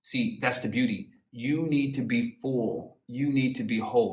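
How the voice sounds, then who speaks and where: A man's voice: mid-range voice, lively intonation, slow, hardly any pauses. A man hosting a live stream, giving a casual motivational talk in a preachy, storytelling way with slang.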